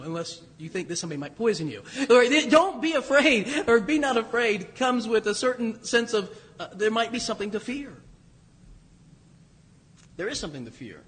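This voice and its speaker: A priest preaching a sermon, his voice pitched high for a man. He talks in a loose, conversational way with asides. The sound rings with the long reverb of a church. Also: a bit bright, slightly rough. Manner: conversational, self-deprecating, with restarts and asides.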